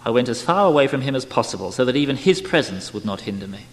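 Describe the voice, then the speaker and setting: A man giving an expressive, emotional dramatic reading of a spiritual memoir, his loudness swinging widely. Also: medium pitch, fast. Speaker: reader. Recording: long hall reverb.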